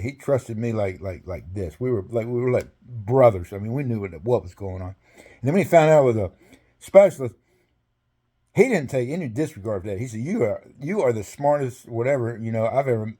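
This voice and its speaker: An older man, an interview guest, telling a rambling story with frequent laughs and acted-out dialogue. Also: mid-range voice. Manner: animated, laughs often, acts out both sides of dialogue.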